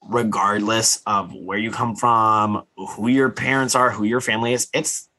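A man co-hosting a casual podcast, recapping reality TV and acting out quotes in high, mocking voices. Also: steady tone, a little slow, bright, forceful tone. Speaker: podcast co-host.

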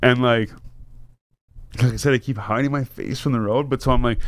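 Dude telling a wild story, keeps cracking up, swears a lot, dry close sound. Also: male voice, medium pitch, brisk, no echo. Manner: animated storyteller, laughs a lot, swears freely. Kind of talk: casual chat.

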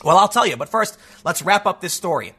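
A man in his thirties hosting a casual commentary show, reading news aloud with animated asides and rapid restarts. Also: high voice, slightly rough. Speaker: political commentary host.

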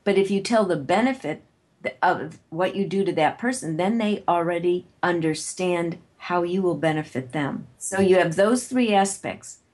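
A woman speaks in a fairly low voice with a confident, brisk delivery. She explains practical advice in the lively tone of an experienced speaker, as a guest in an interview. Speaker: guest, networking author and speaker.

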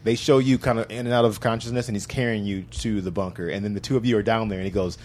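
A man casually retelling a video game's ending in animated, profane detail while co-hosting a chat podcast. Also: fairly low pitch, fast.

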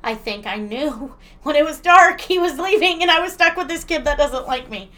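A woman's voice: sits high, normal speed. A woman in her thirties co-hosting a casual chat, telling stories with lots of laughter and swearing. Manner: laughs often, swears freely, animated storyteller. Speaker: podcast co-host. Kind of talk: casual chat, reading listener letters.

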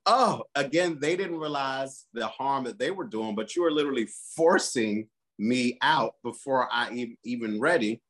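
A man's voice: mid-range voice, lively intonation, moderate pace, few pauses, fairly bright tone. A man, a pastor and interview guest, telling a personal story candidly and earnestly, acting out the quotes.

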